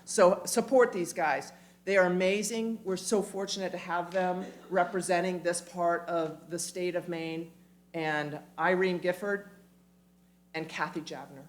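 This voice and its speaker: A woman giving an animated, emphatic community talk, with quick asides, in a church hall. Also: on the low side, slight background noise. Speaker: speaker.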